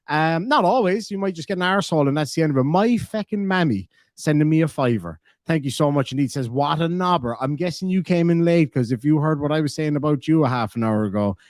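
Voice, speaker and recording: A man's voice: on the high side, lively intonation, fast talker, darkish tone, no echo, studio quality. A man with a Cork Irish accent chatting on a live stream, reading donations and reacting with sweary, joking banter.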